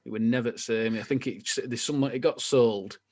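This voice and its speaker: Man in his thirties, middle-pitched, rambling casual co-host. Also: a little fast, a little mellow. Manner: easygoing, rambling, trails off. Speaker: podcast co-host. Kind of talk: casual chat.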